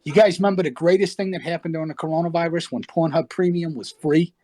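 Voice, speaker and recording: A man with a high speaking voice spins a profane story in loose, casual chat. He is animated and slips into quoted voices as he goes. The sound is that of an online voice chat. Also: fast. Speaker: regular speaker in a gaming chat.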